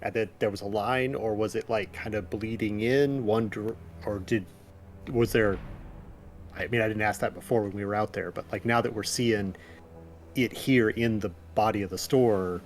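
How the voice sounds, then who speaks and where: A man playing a tabletop game, his voice on the low side. He thinks aloud and questions the game master, often breaking off and restarting his sentences. Faint music sits behind him. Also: moderate pace. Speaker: player.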